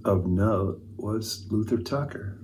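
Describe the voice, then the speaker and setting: A man in his sixties from Chicago, a guest musician telling animated stories in casual conversation. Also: lowish voice, takes it slowly, a little hiss or hum. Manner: animated anecdotes, mimics people's voices. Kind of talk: casual storytelling.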